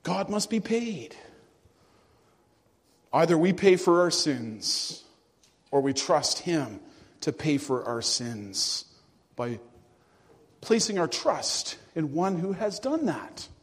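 A male pastor preaching a sermon to his congregation, earnest and emphatic, with hushed drops. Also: fairly high pitch, very animated, slow, pauses often, breathy edge, long reverb tail. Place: church.

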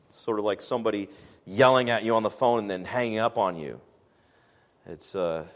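A man preaching a sermon as pastor, measured and emphatic, slowing down to stress key phrases. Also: mid-range voice.

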